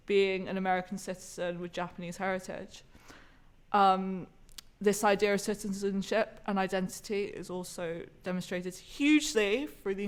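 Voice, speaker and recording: A woman co-hosting a podcast, giving an earnest, analytical review of a theatre show. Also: mid-range voice. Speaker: podcast co-host reviewing a musical. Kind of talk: casual review chat.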